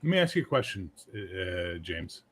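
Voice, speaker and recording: Blunt husky-voiced man telling stories. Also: deep voice, very animated, normal speed, fairly bright tone. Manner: blunt, profane, storytelling with acted-out quotes. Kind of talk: casual chat.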